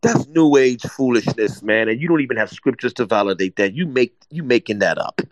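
A man's voice: mid-range voice, fairly quick, no echo, rough recording. A man delivering an informal, conversational sermon with a mid-range voice. He presses his points hard, repeats them, and keeps asking whether listeners follow him. The recording is close and dry. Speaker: preacher.

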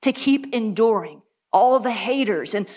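A woman preaching a sermon, telling animated stories with quick asides and laughs. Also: fairly high pitch.

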